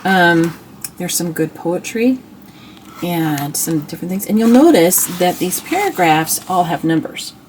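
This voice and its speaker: A woman's voice: fairly low pitch, expressive, a little slow, a little mellow, a little hiss or hum. A middle-aged woman hosting a homeschool channel, chatting casually and admiringly as she shows old reading books, with restarts and asides. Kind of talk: casual show-and-tell book review.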